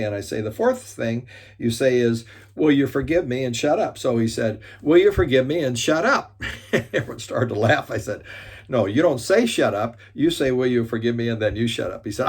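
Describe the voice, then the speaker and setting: A man in the middle of a spoken talk, telling a story and acting out the quoted dialogue with animated energy. His pitch sits in an ordinary middle range, and he often stumbles into restarts and fillers as he goes. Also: husky. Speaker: speaker and leadership teacher.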